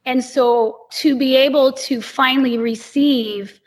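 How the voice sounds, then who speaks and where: A woman's voice: high-pitched, steady tone, slow, husky. A woman who teaches movement, guesting on a podcast and explaining her ideas thoughtfully. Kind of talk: casual conversation.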